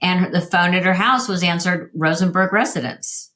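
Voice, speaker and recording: A woman in her fifties, a guest telling candid stories with quick asides. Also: fairly low pitch, pushed and bright. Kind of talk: interview conversation.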